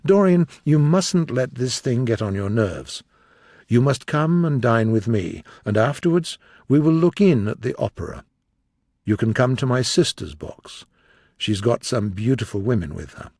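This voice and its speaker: A man reading an audiobook voices Lord Henry, a worldly gentleman, in a low, measured, grave tone. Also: lively intonation, no room sound, studio quality. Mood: dismissive.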